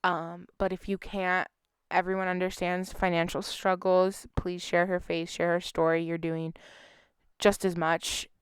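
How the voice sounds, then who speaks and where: Woman host of a missing-persons channel; emotional, pleading delivery; smooth clear tone, dry close sound. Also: lowish voice, flat delivery, a little slow, no room sound. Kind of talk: earnest appeal to viewers.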